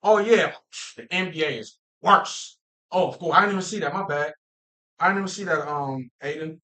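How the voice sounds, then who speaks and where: Bright-voiced, animated man chatting football. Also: on the high side, normal speed, rough recording. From Minnesota, US. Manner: animated, laughs often, slangy and playful. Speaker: football talk show host. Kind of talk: casual livestream chat.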